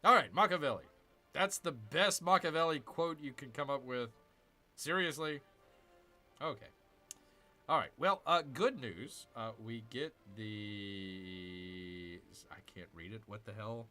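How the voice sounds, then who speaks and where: Gaming host, man: lively, jokey grumbler, tense bright voice, faint game music behind. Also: on the high side, moderate pace, long pauses. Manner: jokey, grumbling, mock growls. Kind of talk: casual strategy game commentary.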